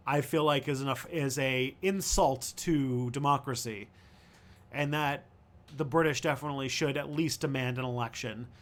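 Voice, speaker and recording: A male host answering viewer questions on a casual livestream, thinking aloud in a halting way with many fillers and restarts. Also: fairly high pitch, a bit bright.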